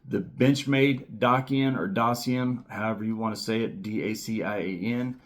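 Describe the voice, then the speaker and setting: A man in his thirties hosts his own knife channel as a reviewer, talking casually to camera at normal speed in a fairly low voice. He's rambling and enthusiastic, full of fillers and repeated words, often repeating key words for emphasis.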